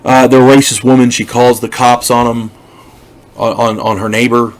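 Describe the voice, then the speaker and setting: This is an older man talking through a TV series review in a loose, opinionated monologue. His voice sits at an ordinary middle pitch. He speaks bluntly and emphatically, often restarting and repeating words as he goes. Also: little pitch movement, moderate pace, low-quality recording.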